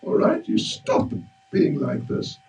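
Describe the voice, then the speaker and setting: A man's voice: a little high, huge pitch swings, slow pace, a little mellow, heavily acted. A man voicing a stern mother who firmly scolds her son. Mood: scolding. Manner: scolding, firm. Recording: roomy hall, mic far off.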